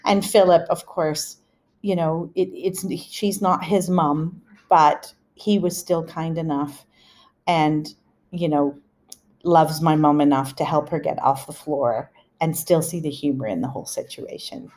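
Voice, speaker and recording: A woman's voice: deep voice, fairly even intonation, measured pace, darkish tone. Chatty middle-aged woman telling stories. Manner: chatty, laughing asides, shifting pace. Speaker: podcast host. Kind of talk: casual storytelling.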